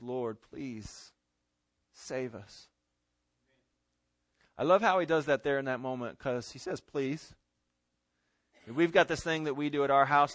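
A pastor preaching a sermon and reading scripture, swinging between loud emphatic stress and hushed pleading. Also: male voice, on the high side, no echo.

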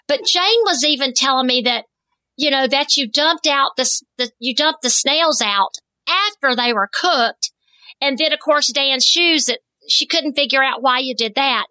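A woman's voice: high voice, normal speed, pushed and bright, no room sound, low-quality recording. A woman co-hosting a podcast, asking questions in a chatty, enthusiastic way. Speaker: podcast co-host. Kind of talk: casual podcast interview.

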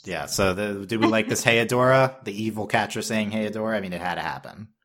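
Man with a very low voice, casual podcast co-host, rambling, self-correcting delivery, laughs a lot. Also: fast talker, fairly bright tone. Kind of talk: casual chat.

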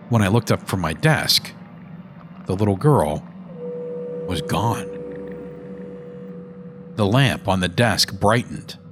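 A man narrating a first-person horror story in a measured, brooding manner. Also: fairly low pitch.

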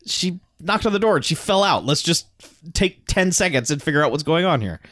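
A man co-hosting a casual chat, animatedly retelling a film scene by scene and slipping into quick voices for the characters. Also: a little high, lively intonation, fairly bright tone, dry recording, clean studio sound. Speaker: podcast co-host.

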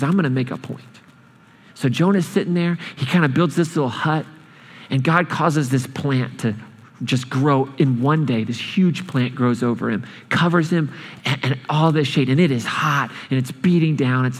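A man preaching a sermon, storytelling with lively changes of speed and emphasis in a church hall. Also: mid-range voice. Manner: animated storytelling, speeding up and slowing down. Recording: long hall reverb.

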